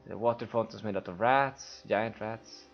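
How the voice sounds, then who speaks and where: A man's voice on the low side, at normal speed, reads out a game's on-screen events for blind viewers during a let's play stream. He has a Swedish accent and sighs emotionally throughout. Soft background music plays under the lo-fi audio.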